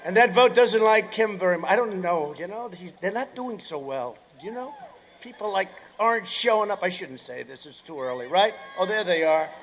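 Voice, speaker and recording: A man in his seventies giving a rally speech, rambling through sarcastic asides, repeating phrases and breaking into shouts. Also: sits high, expressive, normal speed. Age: 70s. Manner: bursts into shouting. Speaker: politician addressing a rally.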